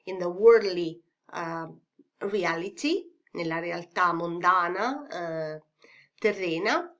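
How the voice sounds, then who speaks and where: A woman with an Italian accent, teaching a revision lesson slowly and carefully, with many pauses, fillers and "okay?" checks. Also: on the low side, a bit bright, highs cut off. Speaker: English literature teacher.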